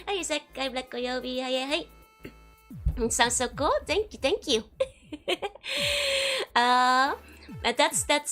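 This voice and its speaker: A woman's voice: fairly high pitch, unhurried, long pauses, a bit bright, soft background music. A woman with a Dutch accent chatting casually on a stream, playful and laughing often. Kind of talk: casual live-stream chat.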